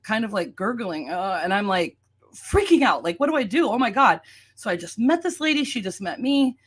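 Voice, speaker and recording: Chatty woman telling a story. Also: medium pitch. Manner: animated, chatty, laughs often. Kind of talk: casual storytelling while showing photos.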